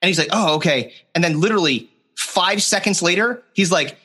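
A man hosting a casual chat, animated and profane, acting out what other people said. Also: high voice, fairly quick, slightly rough. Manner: animated, swears, acts out others' lines.

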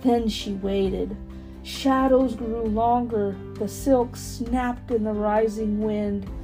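A woman reading a children's storybook aloud, expressive with dramatic pauses. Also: on the high side.

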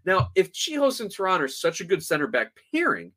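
A man's voice: sits high, wildly swooping pitch, brisk, pushed and bright. A man hosting a sports podcast, ranting in a frustrated, sarcastic and emphatic way. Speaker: podcast host.

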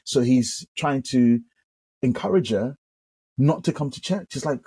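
A British pastor tells his story as a guest, restarting his sentences and picking up energy as he goes. His voice is warm and mellow with a husky edge. He is recorded close and dry. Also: medium pitch, unhurried, dry recording. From United Kingdom. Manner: animated storyteller with frequent restarts. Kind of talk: conversational testimony.

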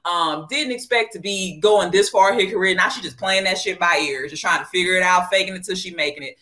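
A woman's voice: on the low side, a little fast, bright, forceful tone. A woman with a Southern US accent, a panelist and epidemiologist talking bluntly and profanely in a casual panel chat. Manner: blunt, profane, drawling and joking.

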